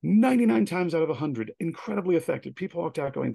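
Lively man telling spooky stories. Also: on the high side, quick pace, vocal fry, husky, no echo. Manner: animated anecdotes, acts out quoted lines. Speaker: guest, director. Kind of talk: storytelling in a podcast interview.

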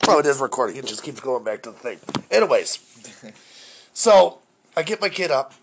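A man's voice: mid-range voice, very animated, normal speed, creaky, noisy background. A man telling a profane, exasperated story about his day in casual chat.

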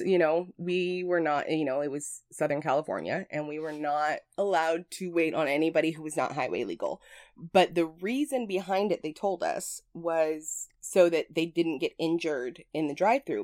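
A woman's voice: deep voice, dry recording. A woman co-hosting a podcast who chats easily, laughs often and tells stories about her own experiences. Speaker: podcast co-host. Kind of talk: casual podcast chat.

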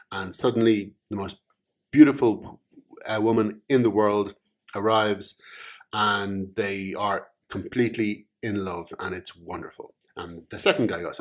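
Slow, low-voiced man telling a joke. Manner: rambling, many ums, self-correcting. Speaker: joke teller. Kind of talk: casual spoken joke.

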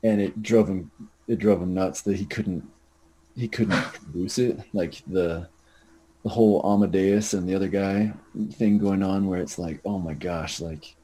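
A man with a low, mellow voice joins a relaxed film discussion. He explains his points at length, leaning on fillers as he works through his thoughts. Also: measured pace, low-quality recording. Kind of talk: casual chat.

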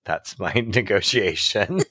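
A man with a lowish voice chats casually as a podcast co-host, rambling with plenty of fillers and laughing often. The sound is dry and close, with no room around it. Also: lively intonation, slow pace, bright, forceful tone, husky, no echo. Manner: chatty, laughing, lots of "like" fillers. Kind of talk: casual chat.

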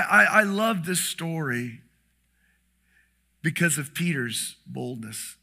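Man, pastor, sermon, husky voice, somewhat high-pitched, impassioned. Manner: impassioned, swings from shouting to hushed whispers.

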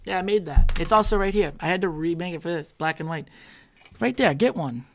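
A man's voice: sits high, a little fast, a little hiss or hum. A man co-hosting a casual comedy podcast, joking dryly with his friend. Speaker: co-host. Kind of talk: casual banter.

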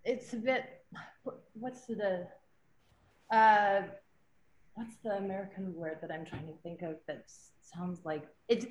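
A woman's voice: medium pitch, steady tone, measured pace. A woman in casual chat, teasing her friends and explaining slang words. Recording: echoey room.

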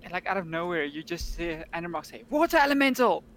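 A woman player in a tabletop game, speaking quietly and offhand. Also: on the low side, steady tone, fast, a little hiss or hum. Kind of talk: tabletop role-play.

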